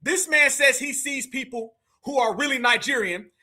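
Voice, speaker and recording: Loud, very high, bright-voiced male host. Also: normal speed. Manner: loud, mocking, often shouting. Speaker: livestream host reacting to a clip. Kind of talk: heated commentary.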